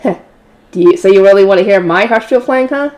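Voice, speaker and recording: A woman's voice: medium pitch, fast, a little mellow, dull audio, lightly acted. A woman voicing a brash, teasing young male noble in a light novel read-aloud. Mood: playful. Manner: boisterous and teasing.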